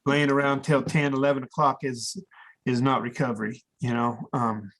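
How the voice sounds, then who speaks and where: A man's voice: mid-range voice, flat delivery, normal speed, a bit bright. A man being interviewed as a guest, telling his own story candidly and with feeling, plain-spoken and now and then swearing. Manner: earnest, emotional, acts out quoted dialogue.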